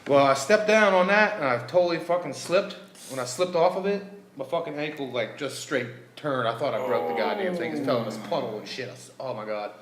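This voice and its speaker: A man's voice: mid-range voice, brisk, a bit bright. A man on a podcast telling a rambling story in casual chat, swearing constantly. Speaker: podcast co-host. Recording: roomy echo, faint noise.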